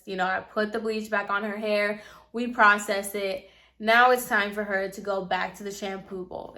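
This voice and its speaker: A young woman in her twenties tells a casual storytime about her work as a hairstylist. Her voice sits at a middle pitch and has a crisp, bright edge. She talks in a chatty way and leans on "like" between almost every phrase. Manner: chatty, filler-heavy with frequent "like".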